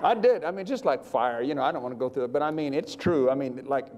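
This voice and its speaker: An older man preaching, telling a personal story with animated, chuckling delivery and acting out the voices of others in his account. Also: mid-range voice, fast, big-room sound. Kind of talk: sermon testimony.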